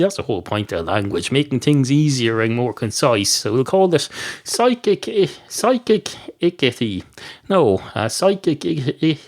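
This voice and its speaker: An Irish man hosts a podcast with a rambling, jokey monologue. He interrupts himself and wanders off on tangents as he talks, at a mid pitch. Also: very animated, a little slow. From Ireland. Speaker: podcast host.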